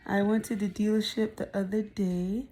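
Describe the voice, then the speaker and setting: A woman's voice: mid-range voice, level tone, moderate pace, mellow, a little hiss or hum. A woman in her thirties, heavily pregnant and out of breath, talking candidly into a phone camera for a video diary, rambling with many ums. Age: 30s. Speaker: vlogger. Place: parked car, then at home.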